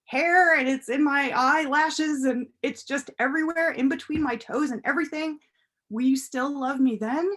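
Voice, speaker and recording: A woman's voice: sits high, moderate pace, a bit bright. A woman doing a curious little boy. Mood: eager. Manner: small, earnest, questioning. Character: young boy, curious, pleading, fond of mud.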